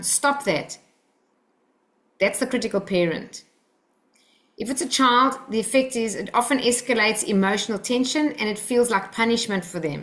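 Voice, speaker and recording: An Australian woman teaching a workshop group, talking in an earnest, personal, coaching way. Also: fairly high pitch.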